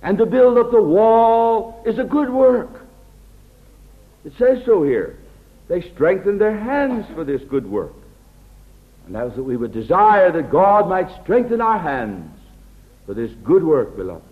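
An American man preaching a sermon in an earnest way, often dropping to a hushed, tender tone. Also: high-pitched, sing-song, a little slow. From United States. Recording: tinny lo-fi phone-like recording.

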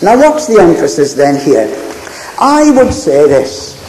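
A man preaching a Bible teaching sermon in a slow, deliberate way, repeating key phrases as he goes through a passage. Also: on the high side, huge pitch swings, dark tone, slight background noise. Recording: roomy hall recording.

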